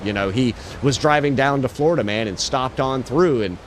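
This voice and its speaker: A man's voice: mid-range voice, moderate pace. Laid-back male streamer, slangy and profane, over a faint noisy background. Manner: laid-back, swearing, lots of "bro" and "dude". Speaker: livestreamer. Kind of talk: casual chat while gaming.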